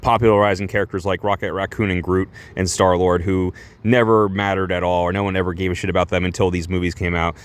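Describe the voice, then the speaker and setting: A man's voice: sits low, level tone, fast, hardly any pauses, clean tone. A man casually reviewing a comic book in a rambling, crude, chatty way, laughing often and correcting himself as he goes.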